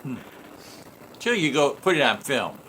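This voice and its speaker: A man's voice: mid-range voice, big pitch swings, a little slow, fairly bright tone, slight background noise, poor audio. A man hosting a casual chat who drops dry quips into the guest's story. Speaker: host.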